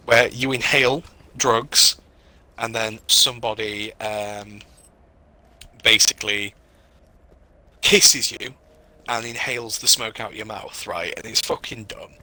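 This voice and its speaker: A man with a British accent chatting casually while gaming, telling stories in an animated, profane way. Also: mid-range voice. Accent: British English. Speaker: streamer.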